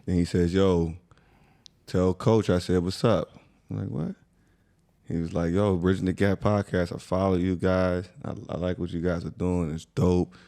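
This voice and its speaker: A young man from the US with a very deep voice and a gravelly edge, chatting on a podcast. He talks in a laid-back, slangy, conversational way. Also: fairly even intonation, normal speed, mellow. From USA. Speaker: podcast co-host. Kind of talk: casual storytelling chat.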